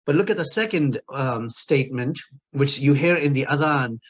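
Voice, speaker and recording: A man's voice: medium pitch, lively intonation, moderate pace. A man teaching an Arabic linguistics lesson, explaining patiently, repeating key words and asking the listener questions. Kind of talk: recorded lecture.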